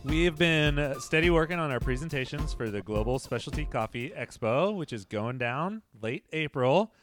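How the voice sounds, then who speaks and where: Joking man with a lively voice. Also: a little high, moderate pace, music in the background. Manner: joking, laughs often, animated quoting. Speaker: podcast co-host. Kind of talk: casual chat.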